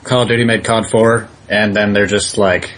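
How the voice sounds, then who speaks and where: A man's voice: on the low side, steady tone, normal speed, a bit bright. A man co-hosting a casual podcast chat, trading dry wisecracks. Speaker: podcast co-host.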